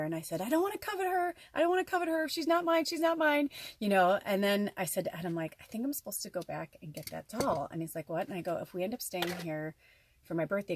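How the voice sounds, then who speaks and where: Excitable woman telling a story. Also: sits low. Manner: excitable, swears often, acts out dialogue. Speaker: vlogger telling a personal story. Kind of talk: casual storytelling vlog.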